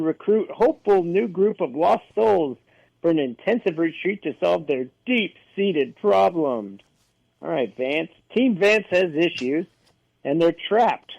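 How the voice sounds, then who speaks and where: A man on a panel reading a movie synopsis, then giving a brisk, wry opinion. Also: on the high side, creaky, a little mellow, dry recording, dull audio.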